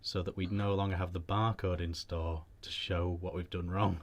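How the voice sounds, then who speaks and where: A British man hosts a relaxed chat show, his voice sitting a little low. He tells long, rambling anecdotes, restarting his sentences as he goes. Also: normal speed. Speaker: vape show host. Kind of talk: casual chat.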